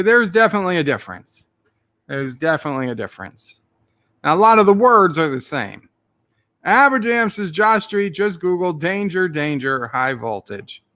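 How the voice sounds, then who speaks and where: A man's voice: on the high side, pushed and bright. A man hosting a live stream, reading out chat messages in a joking, rambling way with a put-on Irish-Australian accent. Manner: jokey, rambling, playful silly voices. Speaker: livestream host reading chat.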